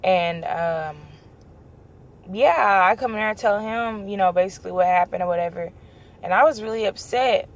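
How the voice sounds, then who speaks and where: Casting: young woman, mid-pitch voice, casual animated storytelling vlog. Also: moderate pace, highs cut off. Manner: animated, acts out quoted dialogue. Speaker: vlogger.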